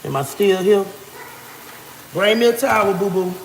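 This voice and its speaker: A woman's voice: mid-range voice, lively intonation, moderate pace, vocal fry, roomy sound, big-room sound, slight background noise. A woman chatting preachily and boastfully to livestream viewers as she cooks at home, calling them baby and honey, talking into a propped-up phone. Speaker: livestream vlogger. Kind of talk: casual preachy livestream chat while cooking. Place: home kitchen. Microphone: phone propped nearby.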